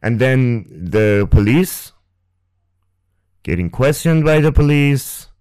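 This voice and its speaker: A man hosting a podcast and telling a painful personal story. He speaks haltingly and emotionally, restarts often and swears, close to the mic. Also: mid-range voice, lively intonation, a little mellow, clean tone, no echo. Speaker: podcast host. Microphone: close ASMR microphone.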